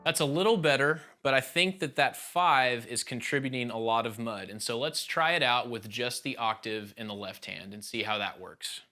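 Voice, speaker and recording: A man gives a calm, step-by-step keyboard lesson for a church band. His voice is bright and forward, with a steady, even tone. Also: mid-range voice, normal speed, few pauses. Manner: explains step by step, calm teaching tone. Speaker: worship keys instructor. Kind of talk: instructional talk.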